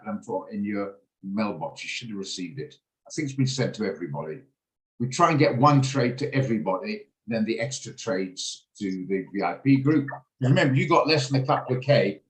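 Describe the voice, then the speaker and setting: A man's voice: on the low side, roomy sound, rough recording. A middle-aged man hosting a trading room, talking through trades in a chatty, rambling way with many restarts. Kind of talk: casual live trading commentary. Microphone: video call.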